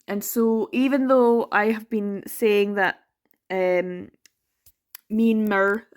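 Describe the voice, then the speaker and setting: A young woman from the Isle of Lewis with a Scottish Western Isles accent, chatting casually and reflectively in a reading vlog, often trailing off and restarting. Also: medium pitch. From Isle of Lewis, Scotland. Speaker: book vlogger.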